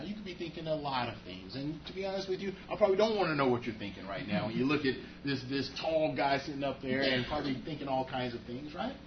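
A man's voice: medium pitch, noisy background. A man preaching a sermon as pastor, talking conversationally and speaking to the congregation with rhetorical asides. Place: church sanctuary. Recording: echoey, muffled church hall audio.

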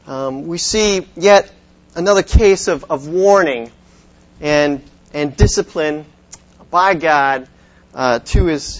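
A man's voice: on the high side, dull audio. A male pastor preaching a sermon in a conversational tone, often restarting and repeating words.

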